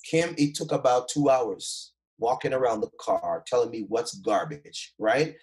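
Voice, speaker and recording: A man's voice: medium pitch, unhurried, darkish tone, low-quality recording. A man from Jamaica, a guest speaker, tells his life story in a conversation with energy and emphasis, often checking in with the listener.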